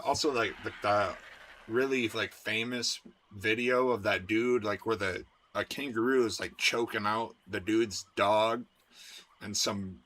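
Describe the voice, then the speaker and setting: A man's voice: lowish voice, sharp tone, slight background noise. A man chatting casually with his stream viewers, rambling and laid-back, with lots of filler words and swearing. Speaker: game streamer.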